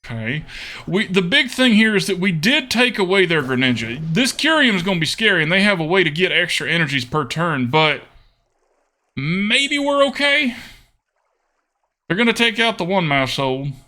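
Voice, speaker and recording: A young man streaming a card game, his fairly high voice bright and edged, swinging widely in pitch. He talks casually through each move, thinking aloud with soft hums and doubled okays. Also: big pitch swings, brisk. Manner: thinks aloud with murmured hmms and repeated okays. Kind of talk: casual live gameplay commentary.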